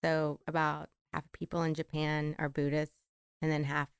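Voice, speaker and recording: A middle-aged woman with a country American accent, talking through her thoughts on a podcast in a rambling, reflective way and laughing easily. Her voice sits a little low and sounds smooth and resonant. The recording is dry and close. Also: level tone, normal speed, dry recording. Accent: American rural. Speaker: podcast co-host. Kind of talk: casual chat.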